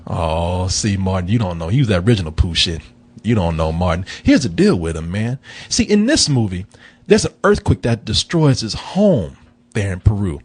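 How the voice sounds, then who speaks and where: A man's voice: low voice, big pitch swings, moderate pace, husky. A man hosting a casual film review show, telling the story in a profane, rambling, joking way. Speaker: film review podcast host. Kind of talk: casual comedic chat.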